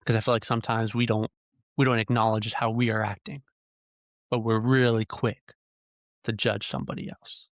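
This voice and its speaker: A man's voice: mid-range voice, no room sound. Earnest ranting man, dry close mic. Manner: earnest, heated, full of rhetorical questions. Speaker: podcast host. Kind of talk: ranting solo podcast monologue. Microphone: podcast mic close up.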